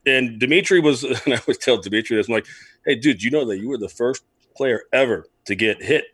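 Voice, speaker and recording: A man who is a guest on a podcast, telling blunt, excitable stories in casual chat. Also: mid-range voice, breathy edge, no room sound. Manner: quick, excitable, blunt storyteller.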